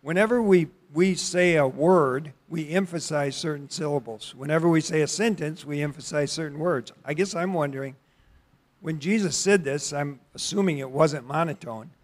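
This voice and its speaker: Man leading an interactive sermon. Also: a little high. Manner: conversational, questioning, with halting restarts. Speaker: pastor leading a Bible study.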